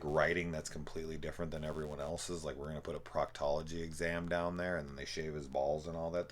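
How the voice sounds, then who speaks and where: A man's voice: extremely low pitch, slight background noise. A young man giving a rambling, profane, casual review of a film, full of fillers. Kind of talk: casual movie review commentary.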